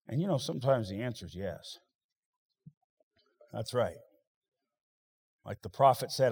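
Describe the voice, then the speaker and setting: A man preaching a sermon as pastor, swinging between loud rising exhortation and quiet, wry asides. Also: fairly high pitch, lively intonation, unhurried, long pauses. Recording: long hall reverb.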